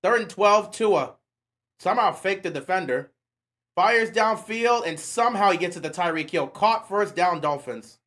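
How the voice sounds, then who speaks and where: Guy on a livestream yelling play by play at the game, high voice bouncing all over, slangy and fed up. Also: lively intonation, moderate pace. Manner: exasperated ranting play-by-play, slangy. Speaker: livestream host. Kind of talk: live game watch-along commentary.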